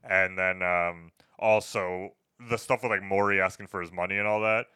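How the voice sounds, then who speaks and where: A man co-hosting a podcast in casual chat, animated and swearing freely. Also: low-pitched, moderate pace, smooth, no echo, studio quality. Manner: animated, swears freely, bursts into loud quoting. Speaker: podcast co-host.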